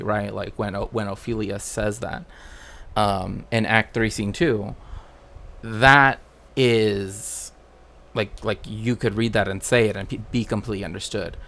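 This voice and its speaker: Man streamer, unhurried, rambly, filler-heavy casual chat. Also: on the low side, creaky, fairly bright tone. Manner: rambling, many fillers and restarts.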